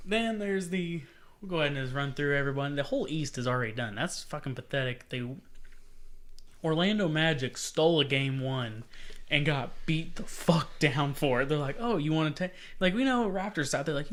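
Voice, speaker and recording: A young man co-hosting a casual sports podcast, telling stories in a profane, animated way and mimicking other people. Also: on the high side, normal speed. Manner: profane, animated storytelling with mocking voices. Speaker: podcast co-host.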